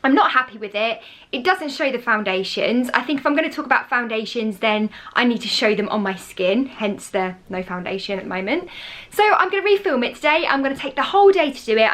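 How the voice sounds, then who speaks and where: An English young woman vlogs to camera at home indoors, chatting in a casual, rambling, self-deprecating way. Her voice is a little high, animated, a bit bright, and a little fast.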